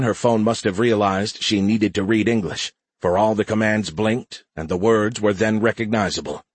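A man reading an audiobook in a measured, even narration. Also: fairly low pitch, slightly rough, no echo. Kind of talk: scripted narration.

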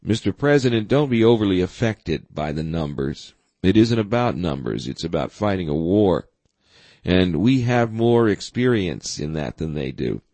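A man reading the lines of a blunt, forceful middle-aged navy admiral in an audiobook. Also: sits low, big pitch swings, normal speed, dry recording, exaggerated voice.

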